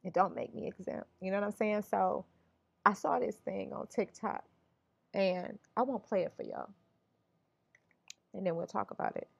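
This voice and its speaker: A woman's voice: mid-range voice, normal speed, creaky, pauses often, husky, dull audio. A woman hosting a podcast as a life coach, talking in an emotional, casual and confiding way.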